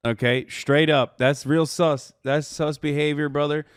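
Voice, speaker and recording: A man's voice: on the high side, steady tone, unhurried, smooth, no echo, studio quality. A man in his thirties who streams and reacts to a video, talking casually, bluntly and mockingly with a lot of slang. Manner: blunt, slangy, mocking, bursts into loud laughter.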